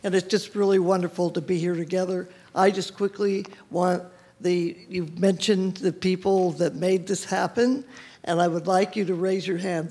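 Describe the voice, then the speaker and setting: A woman's voice: medium pitch, breathy edge. A woman giving a rambling, heartfelt thank-you speech at a public board meeting, often breaking off mid-word. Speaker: environmental group leader thanked at a public meeting.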